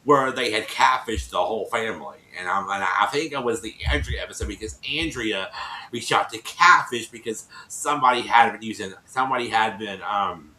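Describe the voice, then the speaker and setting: Recap host, male, bright and forceful voice, rambling and repetitive, roomy echo. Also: lowish voice, moderate pace, a little hiss or hum. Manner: rambling, repeats and restarts phrases; acts out quoted people in shifting voices. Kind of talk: casual recap chat.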